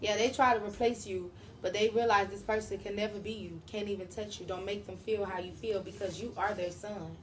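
A woman's voice: mid-range voice, fairly even intonation, fairly quick, hardly any pauses, a little hiss or hum. Slangy, blunt woman tarot reader. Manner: slangy, profane, talks straight to the viewers. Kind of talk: casual tarot reading to viewers.

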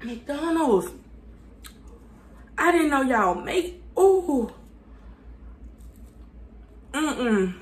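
A woman reviewing fast food on her channel. She chats casually with viewers, talks with her mouth full and hums between bites because the food is burning her mouth. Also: fairly high pitch, fairly bright tone. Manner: chatty, addresses viewers as y'all, hums while eating.

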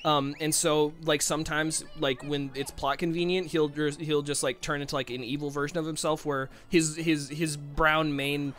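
A man's voice: fairly high pitch, flat delivery, moderate pace, hardly any pauses, fairly bright tone, faint music behind. A man casually narrating a tabletop-style role-play, joking and rambling with frequent self-interruptions. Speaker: co-player.

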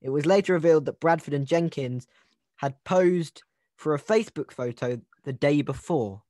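A man's voice: a little high, normal speed, mellow, no room sound, studio quality. Man hosting a joking true-crime chat. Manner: joking, rambling with restarts. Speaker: podcast host. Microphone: video call.

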